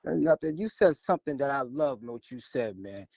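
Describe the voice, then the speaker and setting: A man's voice: medium pitch, animated, a little fast, vocal fry, warm tone, no echo, highs cut off. A man from Brooklyn, calling into a sports stream and talking animatedly, often repeating himself. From Brooklyn, New York. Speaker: caller.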